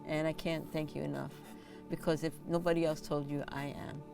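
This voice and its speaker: A woman's voice: sits low, little pitch movement, brisk, vocal fry, over music. A woman who hosts the show and works as a massage therapist, giving casual spiritual advice in a blunt, encouraging way and swearing now and then. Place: indoors, on a squeaky chair.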